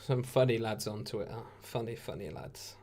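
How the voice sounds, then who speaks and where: A man's voice: on the low side, normal speed, darkish tone, slight background noise. A tired man hosting a live watch-along stream, giving laid-back, chatty commentary with jokey asides. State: tired, yawning. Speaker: stream host.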